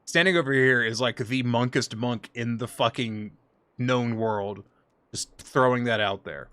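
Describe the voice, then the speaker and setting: A man's voice: mid-range voice, a little slow, pushed and bright, no room sound. A man streaming a game, chatting casually and irreverently, with frequent swearing. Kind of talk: casual gameplay commentary with voiced dialogue.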